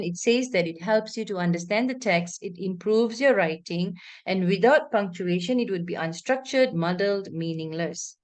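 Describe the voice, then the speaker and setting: A woman with a Malaysian English accent teaching an online English lesson, explaining patiently and often checking in with her students. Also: medium pitch. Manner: reads example passages aloud with expressive intonation.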